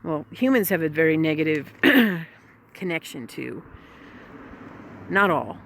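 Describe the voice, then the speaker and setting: A woman's voice: low voice, sing-song, unhurried, gravelly, fairly bright tone, slight background noise. A woman vlogging casually on a trip, rambling and joking as she talks to a phone camera. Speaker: travel vlogger. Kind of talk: casual travel vlog. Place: in a car.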